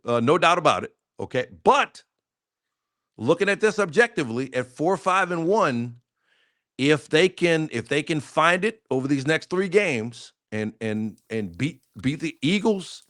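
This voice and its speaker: A man's voice: fairly high pitch, lively intonation, unhurried, fairly bright tone. A man co-hosting a sports talk show, debating football casually and thinking aloud with frequent restarts.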